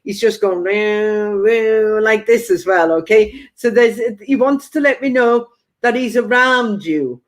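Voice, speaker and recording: A woman's voice: mid-range voice, a little slow. A woman working as a spiritual medium, giving a chatty live-stream psychic reading and passing on spirit messages with playful quoted asides.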